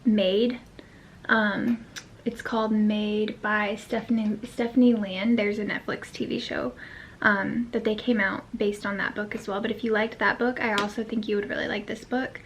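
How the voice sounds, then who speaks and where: A woman's voice: medium pitch, little pitch movement, moderate pace, a little hiss or hum. A tired woman chatting to camera as a book vlogger, rambling with lots of fillers and the odd whispered aside. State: tired, yawning. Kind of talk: casual chat to camera.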